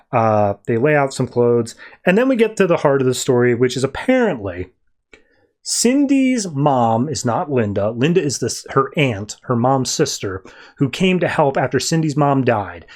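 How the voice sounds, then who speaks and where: A man's voice: a little high, a little mellow. A man hosting a podcast, loosely summarizing a comic story in a conversational way with fillers and asides. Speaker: podcast host. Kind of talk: casual comic book recap.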